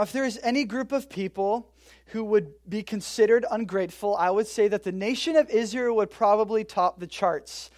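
Preacher telling a bible story casually. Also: mid-range voice. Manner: casual, joking storytelling with sudden swings between loud and quiet. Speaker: pastor. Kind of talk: conversational sermon.

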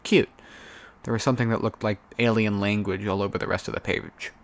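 A man reads a web-serial chapter aloud as a fan audiobook narrator. His voice sits somewhat low, and he keeps a steady, even-paced reading manner throughout. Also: fairly quick, creaky.

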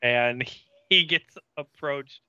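Podcast host, young male, bright and punchy, dull lo-fi recording. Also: mid-range voice, drawn-out words, clean tone, dry recording. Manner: animated retelling, acting out character lines. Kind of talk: casual episode recap.

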